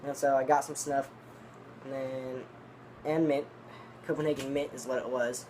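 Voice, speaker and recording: Man, casual vlog storytelling, rambling, lots of swearing, mid pitch, faint background hiss. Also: flat delivery, normal speed, a little mellow. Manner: rambling, profane, restarts often. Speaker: vlogger reviewing dip tobacco.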